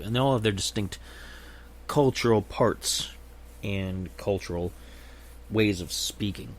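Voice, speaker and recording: A man's voice: fairly low pitch, unhurried, pauses often, slight background noise. A man chatting casually on his own show, rambling and unsure of himself, often hedging and restarting his sentences. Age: adult with a young daughter. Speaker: channel host. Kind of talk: casual solo chat.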